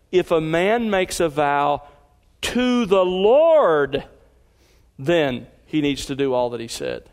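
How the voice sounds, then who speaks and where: A pastor preaches an expository sermon, reading scripture aloud and driving home key points with emphatic rises. His voice is a little high, and the sound carries a big-room feel.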